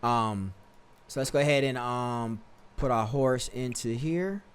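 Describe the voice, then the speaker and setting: A man talks through a life-sim game on a live stream in an easygoing, slangy way. He trips over words and fixes them as he goes, and his voice sits at an ordinary, mid-range pitch. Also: a little slow, a little hiss or hum. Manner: laid-back, slangy, corrects himself often. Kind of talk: casual gameplay commentary.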